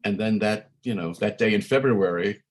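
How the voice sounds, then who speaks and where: Husky older New man, rambling. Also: fairly low pitch, moderate pace. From Brooklyn, New York. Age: 60s. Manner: rambling, many fillers and restarts. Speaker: musician guest. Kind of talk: casual interview chat.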